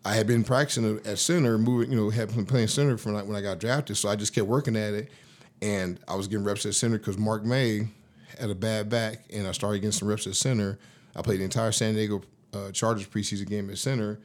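A man in his fifties with a fairly low voice tells stories from his playing days in a loose, slangy, often profane way. He talks casually as an interview guest and gets animated as he retells events. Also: fairly quick. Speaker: guest, former pro football lineman.

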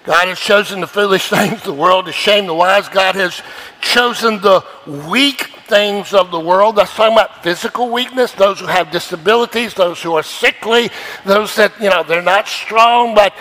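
Bright, high-voiced male preacher. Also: moderate pace, poor audio. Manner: emphatic preaching, repeats phrases for stress, drops to hushed asides. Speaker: pastor. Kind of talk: sermon.

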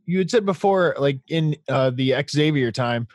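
A man's voice: fairly high pitch, expressive, normal speed, no echo, studio quality. A man co-hosting a podcast, asking the guest curious questions in casual chat. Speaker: podcast co-host.

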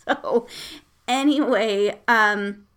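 A woman's voice: a little high, drawn-out words. Casting: woman podcast host, irreverent and profane, casual storyteller. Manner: irreverent, swears freely, laughs often. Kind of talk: casual storytelling about a haunting.

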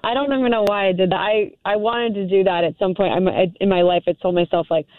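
A woman's voice: mid-range voice, steady tone, quick pace, crowd noise. A young woman calling in to a radio show, talking hesitantly with many ums and nervous giggles. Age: young adult. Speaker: caller. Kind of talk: casual chat on a call-in show. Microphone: telephone. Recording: tinny phone line, dry.

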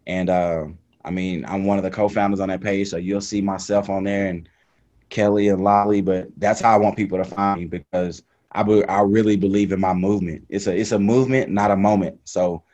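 Guy chatting loose on a video call, lots of "like" and "man", voice a bit low. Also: darkish tone. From Texas. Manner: loose, heavy with fillers like "man" and "like". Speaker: guest triathlete. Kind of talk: casual interview over video call.

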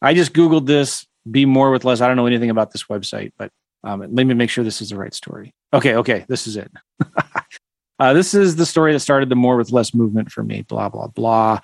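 A man's voice: mid-range voice, a little fast, gravelly. A man teaching real estate to viewers on a live stream, wandering off track and laughing at his own slips. He reads a story aloud from his screen. His voice sits in a dry, close sound with no room echo. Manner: rambling, self-deprecating, chuckling asides.

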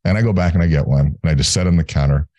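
A man, a guest in an interview, telling a story in a measured way and slowing down to stress his points. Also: a bass voice, dark tone, no echo, lo-fi sound.

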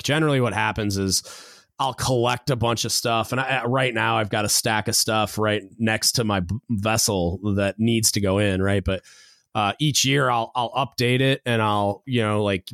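A male podcast host telling a story in a relaxed way, with fillers, dropping lower when he quotes others. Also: dry recording, studio quality. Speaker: podcast host, Navy chief. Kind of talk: casual chat.

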